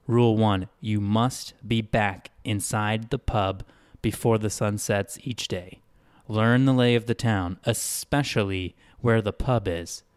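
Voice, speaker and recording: Jumpy scared guy explaining the rules, low dry voice, folksy, narrator doing him. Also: fairly even intonation, takes it slowly, clean tone, no echo. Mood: warning. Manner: hushed, warning, colloquial. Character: jittery male long-time prisoner, fearful and blunt.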